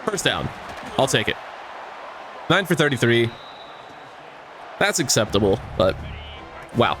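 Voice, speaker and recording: A man's voice: medium pitch, sing-song, slow pace, a bit bright, soft background music. A man giving casual gameplay commentary, swearing and ranting at the game with exasperation. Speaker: gaming YouTuber.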